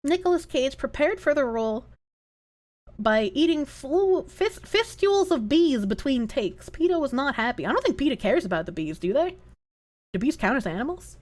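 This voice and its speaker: Woman streamer, lively pitch, profane casual chat. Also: normal speed. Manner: animated, profane, reacting to videos. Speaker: livestreamer.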